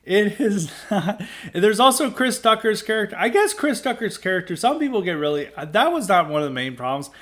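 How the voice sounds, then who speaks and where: A man's voice: high-pitched, very animated, brisk, hardly any pauses, fairly bright tone. Rambling, blunt male podcast host. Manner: rambling, full of "like" and restarts; dismissive and blunt. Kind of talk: opinionated podcast monologue.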